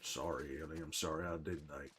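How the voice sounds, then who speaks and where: A man's voice: mid-range voice, lively intonation, a little slow, noisy background. A man playing a grizzled, hot-tempered survivor while commenting in character on his game, swearing a lot and scolding himself. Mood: bitter, remorseful. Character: grizzled middle-aged male survivor, protective and hot-tempered.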